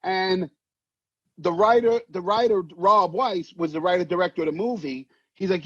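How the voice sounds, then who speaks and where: Animated New storyteller, husky voice. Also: male voice, sits high, moderate pace, no echo. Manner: animated, swearing, acts out voices in anecdotes. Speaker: actor guest. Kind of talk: casual storytelling interview. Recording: dull muffled sound, dry.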